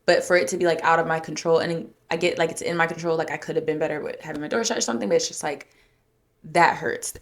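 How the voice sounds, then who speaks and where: A woman's voice: sits low, quick pace, creaky. A woman hosting a podcast, telling a story casually and acting out what people said in a raised voice. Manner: animated retelling, acting out quotes in a raised voice. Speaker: podcast host.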